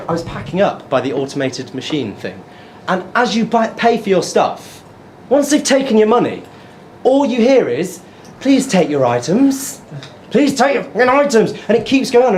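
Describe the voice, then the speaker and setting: A British man performing a stand-up comedy set, telling stories and chatting with the crowd. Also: on the high side. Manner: animated, excitable storytelling. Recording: live set with clear background noise.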